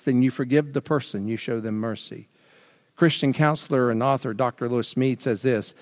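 A man's voice: medium pitch, darkish tone. A man preaching a sermon as pastor, asking rhetorical questions and building to emphatic peaks. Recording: long reverb of a large hall.

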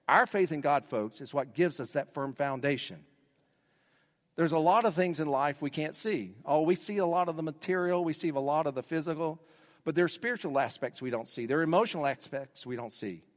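A man's voice: fairly high pitch, lively intonation, moderate pace. A male pastor delivering a sermon, building emphasis through repeated phrases. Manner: preaching with rising emphasis and repetition. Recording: long hall reverb.

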